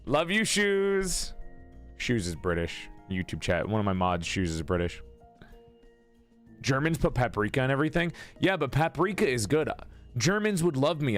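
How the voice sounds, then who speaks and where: Lively, joking male streamer. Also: lowish voice. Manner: joking, teasing, reads chat aloud and answers. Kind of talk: casual live-stream chat with viewers.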